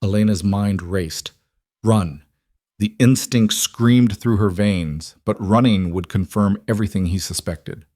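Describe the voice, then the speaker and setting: A man reading a story aloud in a measured, even way. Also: on the low side, no echo, clean studio sound. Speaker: narrator. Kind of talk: scripted story narration.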